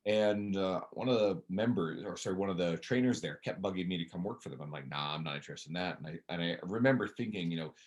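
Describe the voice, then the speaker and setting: Deep-voiced Canadian man in his forties. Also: fast talker, hardly any pauses. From Newfoundland, Canada. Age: 40s. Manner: blunt, animated, swears casually. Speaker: podcast guest, personal trainer. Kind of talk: casual podcast conversation.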